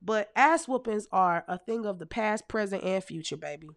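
A woman in her thirties telling comic stories to her audience in a casual, animated, heavily profane way, laughing often as a podcast host. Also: medium pitch, moderate pace, no echo, studio quality. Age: 30s. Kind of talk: casual comedic storytelling.

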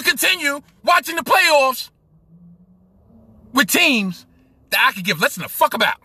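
A man's voice: very high voice, very animated, unhurried, pauses often, pushed and bright, no room sound. A man from Brooklyn with a New York accent, hosting a solo podcast and ranting profanely about sports. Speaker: podcast host.

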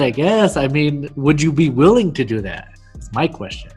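A man hosting a casual video call chat, chatty and quick to laugh. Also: fairly high pitch, very animated, darkish tone, slightly rough, soft background music. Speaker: host.

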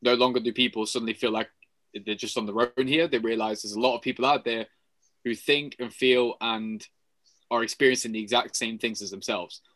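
Man giving steady explanatory opinions. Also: mid-range voice, a little fast. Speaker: podcast co-host. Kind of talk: casual podcast chat.

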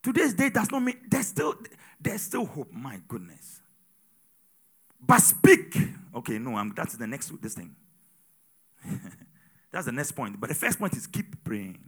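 A man preaching a sermon with call-and-response, swinging between loud exhortation and quiet asides. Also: mid-range voice, sing-song, a little slow, long pauses, slightly rough. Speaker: pastor.

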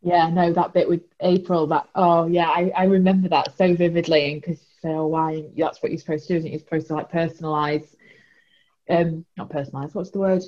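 Female guest, casual and rambling, slightly deep voice, muffled recording. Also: fairly even intonation, brisk, darkish tone. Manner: rambling, searches for words, laughs. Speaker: podcast guest. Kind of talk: casual chat. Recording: dull lo-fi sound.

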